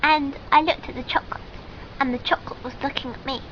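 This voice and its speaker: A woman's voice: high voice, steady tone, quick pace, a bit bright, muffled recording, slight background noise. A woman telling a comic sketch in character, rambling and giggly, with many ums and restarts.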